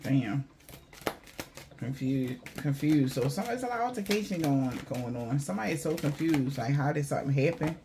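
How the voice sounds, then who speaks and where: A man's voice: a little high, expressive, quick pace, few pauses, noisy background. A man giving a casual spiritual reading to viewers, blunt, profane and mocking, in loose slangy talk. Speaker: spiritual reader.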